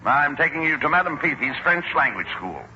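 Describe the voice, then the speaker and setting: A man as a brisk, bossy straight man in 1940s radio comedy, on a muffled old broadcast recording. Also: on the high side, sing-song, sharp tone, a little hiss or hum.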